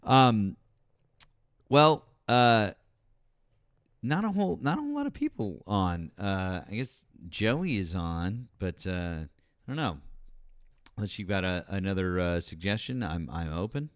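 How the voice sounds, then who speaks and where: Deep, slow-talking man. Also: big pitch swings, no room sound, clean studio sound. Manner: blunt, swears a lot, hesitant fillers. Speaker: co-host. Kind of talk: casual political chat.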